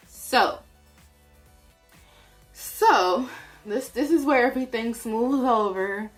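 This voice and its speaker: Animated woman vlogger telling a story. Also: a little high, slow, long pauses, soft background music. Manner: animated, acts out her own reactions. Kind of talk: casual storytelling vlog.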